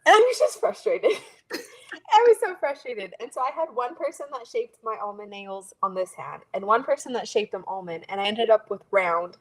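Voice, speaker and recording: A woman co-hosting a casual chat, telling an animated story and acting out what others said. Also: medium pitch, normal speed, rough recording. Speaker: co-host.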